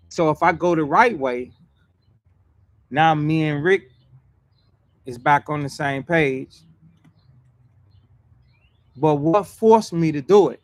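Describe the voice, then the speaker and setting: A man preaching a sermon emphatically, repeating himself, using street slang and swinging between loud outbursts and quiet asides. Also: on the high side, takes it slowly, long pauses, dry recording.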